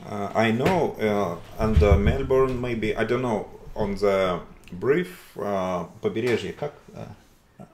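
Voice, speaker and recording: Russian man in halting English. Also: lowish voice, a little mellow, echoey room, slight background noise. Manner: halting broken English with many fillers and laughs. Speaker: guest. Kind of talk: casual conversation.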